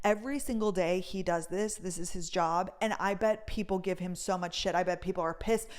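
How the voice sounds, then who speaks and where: A woman's voice: fairly low pitch, fairly quick, clear, resonant tone. Chatty young woman telling a story. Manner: chatty, swears freely, lively retelling. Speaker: vlogger. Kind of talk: casual storytime vlog.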